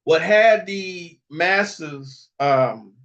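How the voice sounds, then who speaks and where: A man's voice: on the high side, animated, drawn-out words, fairly bright tone, lo-fi sound. A man hosting a livestream in casual, rambling talk, chuckling often and tagging lines with "okay?" and "all right?". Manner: rambling, frequent chuckles, tag questions. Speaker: livestream host.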